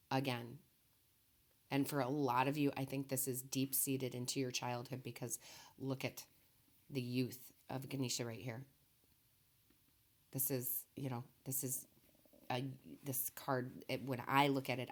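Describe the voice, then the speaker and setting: Woman tarot reader, very low voice, soft and emotional, close to tears, gently reassuring. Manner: soft-spoken, emotional, reassuring, says okay often. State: tearful, voice low and quiet.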